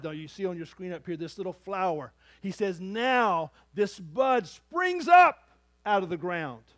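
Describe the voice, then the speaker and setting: High-voiced man preaching with big swings. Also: dry recording, studio quality. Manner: dynamic preaching, swinging between loud emphasis and hushed asides. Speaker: pastor. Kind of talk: sermon.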